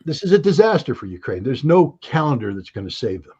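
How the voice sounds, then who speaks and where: A man's voice: mid-range voice, very animated, fast, warm tone, husky, highs cut off. A man speaking as an interview guest, blunt and sardonic in casual talk. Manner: blunt, sardonic, with short laughs.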